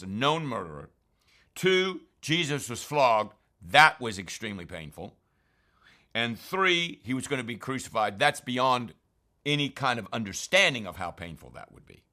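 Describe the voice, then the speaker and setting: A man explaining scripture passages in a loose, unscripted way. His voice sits low and comes out bright and forceful. He stresses key words and stumbles over himself now and then. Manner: earnest, emphatic, with frequent fillers and restarts. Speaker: Bible teacher. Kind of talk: informal scripture commentary.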